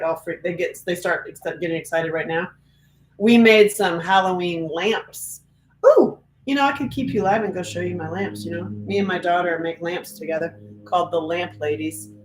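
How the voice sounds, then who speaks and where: A middle-aged woman chatting loosely on a livestream, joking and answering viewers' comments as she goes. Her voice sits on the low side for a woman. The room around her sounds echoey. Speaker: livestream host. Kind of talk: casual livestream chat.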